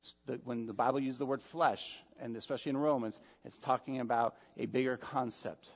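A male pastor preaching a sermon, emphatic, swinging between loud stresses and soft, quiet asides. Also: mid-range voice, steady tone, fairly quick. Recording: dull sound with long hall reverb.

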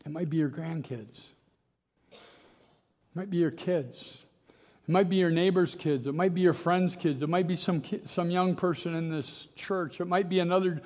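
A man preaching a sermon as a guest pastor, impassioned, moving between hushed, slow passages and rising exhortation. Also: fairly high pitch. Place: church sanctuary. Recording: long reverb of a large hall.

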